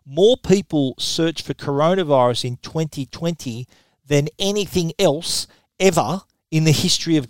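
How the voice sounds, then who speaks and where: A middle-aged Australian man hosts a radio tech news show in a lively, chatty way, often restarting sentences and repeating words as he does. His voice is on the high side, recorded dry.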